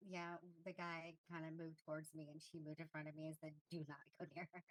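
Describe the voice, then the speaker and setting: A woman with a somewhat low voice, talking in character during a roleplay game. She makes sardonic, wry comments in a casual tone. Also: flat delivery, a little fast, no room sound, rough recording. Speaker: roleplay player playing a doctor.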